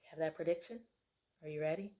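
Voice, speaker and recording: A woman's voice: low-pitched, fast. Woman teacher reading a picture book. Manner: patient, asks many prediction questions; bright, playful voices for story animals.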